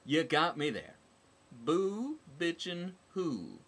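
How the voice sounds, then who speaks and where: A man's voice: fairly high pitch, sing-song, takes it slowly, pitched above the performer's own voice, exaggerated voice. Man voicing a brash foul-mouthed soldier woman. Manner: crude, loud, sarcastic.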